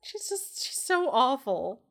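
A woman's voice: high-pitched, sing-song, takes it slowly, gravelly. A woman co-hosting a casual film review chat, sarcastic and laughing often, acting out characters' lines. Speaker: podcast co-host.

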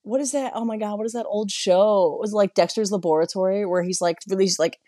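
A young adult woman co-hosting a casual podcast chat, talking quickly, cutting herself off and acting out quoted dialogue. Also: medium pitch, warm tone, no room sound, studio quality. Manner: fast, self-interrupting, acts out quoted dialogue. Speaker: podcast co-host.

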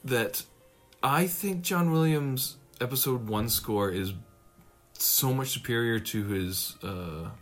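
A man's voice: medium pitch, slow pace, fairly bright tone, faint music behind. A man in his late thirties, co-hosting a casual film chat and acting out movie lines in mocking voices.

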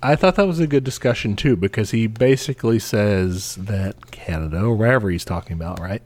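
Low-voiced man in profane casual chat. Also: fairly quick, a little mellow. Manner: profane, sarcastic, laughing. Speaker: podcast co-host.

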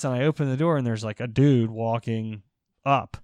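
A man co-hosting a comedy podcast, telling a story in a casual, animated way, laughing and swearing as he goes. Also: mid-range voice, normal speed, clear, resonant tone, dry recording, clean studio sound. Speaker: podcast co-host.

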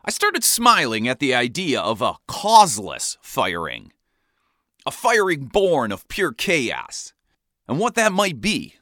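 A man telling a comic first-person story in a wry, animated way. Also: medium pitch, takes it slowly, dry recording, clean studio sound.

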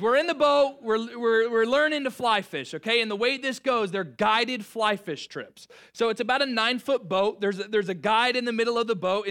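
A young adult man preaching a sermon, telling a self-mocking story with lively, animated delivery before reading scripture. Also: sits high. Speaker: pastor.

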